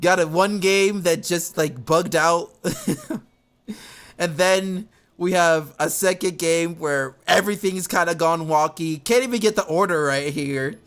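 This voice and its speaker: Excitable laughing male game caster. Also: a little high, a little slow. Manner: excitable, laughing, yelling at players. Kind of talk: esports match commentary.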